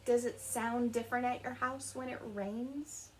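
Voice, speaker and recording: A woman's voice: on the high side, steady tone, unhurried, a little hiss or hum. A woman reading a picture book aloud to young children at home, stopping to ask them questions and imitate animal sounds. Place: her home.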